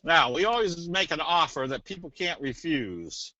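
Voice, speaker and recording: A man presents a casual webinar in a folksy, rambling manner, like a salesman explaining charts. His voice is bright and forward. The audio is dull and lo-fi, dry with no room sound. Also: a little high, lively intonation, moderate pace, dry recording. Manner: folksy, rambling, tells jokes.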